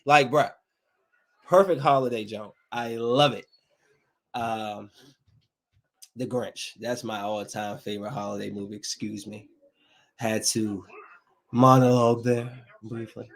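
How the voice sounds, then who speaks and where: A man's voice: lowish voice, steady tone, measured pace, long pauses. A man hosting a casual solo podcast, rambling and laughing as he talks to viewers. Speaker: podcast host.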